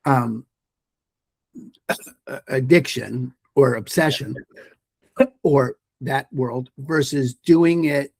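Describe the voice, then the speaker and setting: Man, podcast guest, mindfulness teacher, emphatic, fairly high pitch, dry sound. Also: a little mellow, no echo. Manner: emphatic, storytelling, repeats phrases for effect. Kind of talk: podcast interview.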